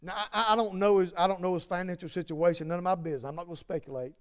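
Male preacher, high and clear voice, earnest sermon delivery that swings from forceful to hushed. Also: steady tone, rapid-fire. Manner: earnest, emphatic, repeats phrases, swings from loud to hushed.

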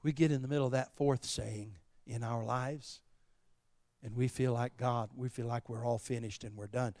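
A man preaching a sermon, moving from slow, soft passages to loud, shouted appeals. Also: medium pitch, fairly even intonation, no room sound. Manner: wide swings from quiet to shouting. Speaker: pastor.

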